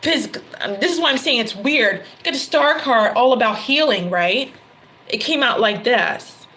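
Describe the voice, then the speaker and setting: A woman's voice: fairly high pitch, lively intonation, normal speed, bright, forceful tone, rough recording. A woman giving a casual tarot reading, chatty, laughing often and correcting herself mid-sentence. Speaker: tarot reader. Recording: card shuffling and clicks behind voice.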